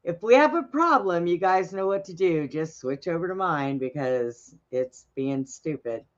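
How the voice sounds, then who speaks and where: A woman's voice: lowish voice, animated, measured pace, dull audio. A woman co-hosting a casual livestream talk show, chatty and teasing. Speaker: co-host of a daily news talk show.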